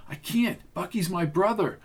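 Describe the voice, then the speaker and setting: A man's voice: high voice, moderate pace, husky, voice pushed up. A man voicing a worried young woman in an audiobook, urgent and pleading.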